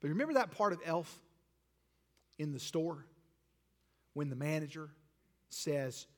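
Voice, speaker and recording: A pastor preaching a sermon with an altar call, rising to emphatic peaks and then dropping soft and intimate. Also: male voice, on the high side, expressive, a little slow. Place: church sanctuary. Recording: long hall reverb.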